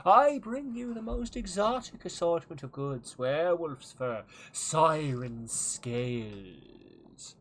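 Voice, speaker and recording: A man's voice: on the high side, lively intonation, slow, a little hiss or hum, voice pushed up. A man voicing an eccentric male merchant of exotic goods with a weird regional accent, performed while streaming a game. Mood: theatrical.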